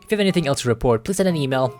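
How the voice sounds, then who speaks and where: Give me a man playing a dismissive office HR clerk with a flat, bureaucratic delivery. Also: mid-range voice, very fast, faint music behind, close to an everyday voice. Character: curt male HR clerk, dismissive.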